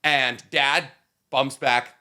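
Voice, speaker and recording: A man's voice: medium pitch, fairly even intonation, very slow, pushed and bright. A man co-hosting a podcast, rambling and joking in casual chat. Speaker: podcast co-host.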